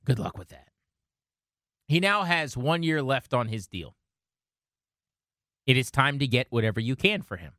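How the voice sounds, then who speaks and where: A hoarse man hosting sports talk radio, his voice rising and falling in lively swings. He pushes his opinions hard and with emphasis, and his tone comes through bright and forward on a dry studio mic. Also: mid-range voice, moderate pace, pauses often, dry recording. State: hoarse from a cold, cracking when he laughs.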